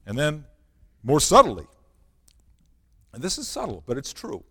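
A man's voice: a little high, huge pitch swings, normal speed, long pauses, bright, forceful tone, breathy edge, in a large hall. A man preaching a sermon, reading scripture and asking the congregation earnest rhetorical questions. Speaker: pastor.

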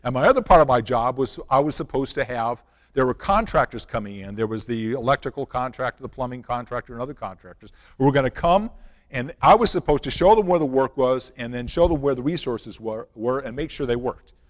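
A male pastor preaching a sermon built around a personal story, swinging from loud, animated passages to hushed, quiet ones. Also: medium pitch, fairly quick. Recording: long reverb of a large hall.

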